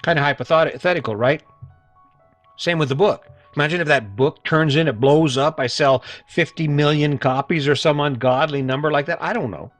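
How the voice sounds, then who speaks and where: A man's voice: on the high side, moderate pace, fairly bright tone, no room sound, soft background music. A middle-aged man hosting a solo motivational podcast, talking earnestly and emphatically and repeating points for emphasis. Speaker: podcast host.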